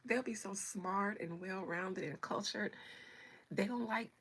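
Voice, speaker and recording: An American woman hosts a livestream, chatting playfully with viewers and greeting them by name. Her medium-pitched voice is husky and a bit bright, and she speaks at a measured pace.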